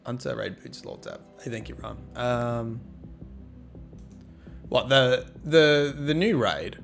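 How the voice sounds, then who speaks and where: A man's voice: medium pitch, takes it slowly, gravelly, soft background music. A man streaming a game and chatting casually with his viewers, cheeky and joking as he thanks them and teases the chat.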